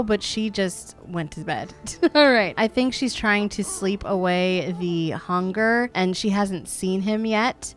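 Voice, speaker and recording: A young woman hosting a let's-play of a life-sim game, commenting in a lively, excitable way, reacting with shrieks and laughter. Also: mid-range voice. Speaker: gaming channel host.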